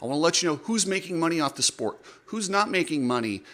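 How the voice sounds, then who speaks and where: Bright-voiced blunt motocross vlogger. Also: male voice, on the high side, lively intonation, fast. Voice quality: blunt, opinionated, jokey. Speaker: motocross channel host. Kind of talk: casual commentary to camera.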